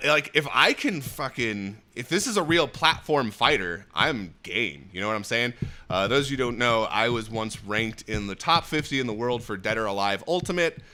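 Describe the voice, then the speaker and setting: A man in his thirties hosting a casual livestream, energetic and jokey, swearing and laughing often. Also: mid-range voice. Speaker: host.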